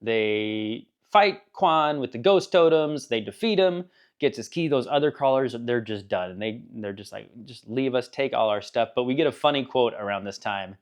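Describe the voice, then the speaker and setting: A man's voice: mid-range voice, expressive, moderate pace, hardly any pauses. A man giving a casual spoken book review, rambling and enthusiastic, laughing now and then at the funny parts.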